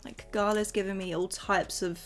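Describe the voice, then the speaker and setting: A woman's voice: mid-range voice, steady tone, normal speed, soft background music. Bubbly woman chatting through makeup. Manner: chatty and bubbly, talking straight to viewers. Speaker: beauty vlogger. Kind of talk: casual makeup tutorial chat.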